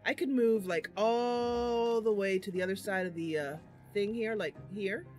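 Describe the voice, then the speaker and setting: A woman's voice: mid-range voice, measured pace, darkish tone, faint music behind. A woman streamer narrating a game roleplay in a giggly, rambling way.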